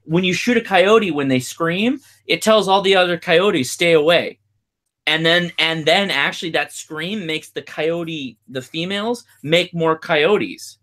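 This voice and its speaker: A man hosting a podcast, talking in a casual chat. His voice sits a bit high, and he tells his stories in an animated, excitable way. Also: measured pace. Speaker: podcast host.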